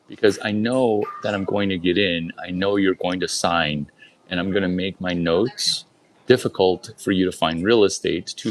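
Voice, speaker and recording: A man telling a casual story to a group in quick bursts, repeating lines and firing rhetorical questions at his listeners. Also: low voice, a little hiss or hum, poor audio.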